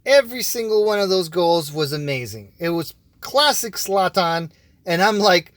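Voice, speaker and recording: A young man co-hosting a casual soccer podcast, gushing and excitable with drawn-out exclamations. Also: high voice, dry recording. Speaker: co-host. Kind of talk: casual sports podcast chat.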